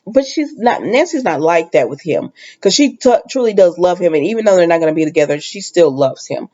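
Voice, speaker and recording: A woman's voice: fairly low pitch, animated, fairly quick, warm tone, highs cut off. A woman casually recapping a soap opera episode in a chatty storytelling way, acting out the characters' lines as she goes.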